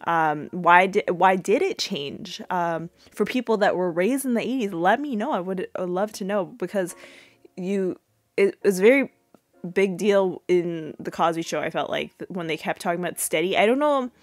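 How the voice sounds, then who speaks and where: A woman's voice: on the low side, animated, normal speed, dry recording. A young woman hosting a podcast who recaps a TV episode in a casual, rambling way, full of fillers and asides. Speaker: podcast host.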